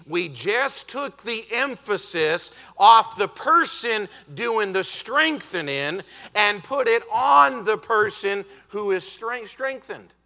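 Gravelly, bright-toned man preaching. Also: sits high, animated. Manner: emphatic, building to shouted climaxes with drawn-out stresses; often says "hey, listen" to the congregation. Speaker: visiting preacher. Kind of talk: revival sermon.

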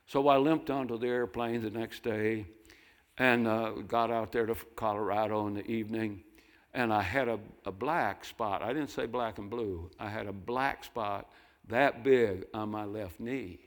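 An older man preaching a sermon, telling folksy stories and breaking into loud mimicking voices. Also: fairly low pitch, steady tone, normal speed. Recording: long hall reverb.

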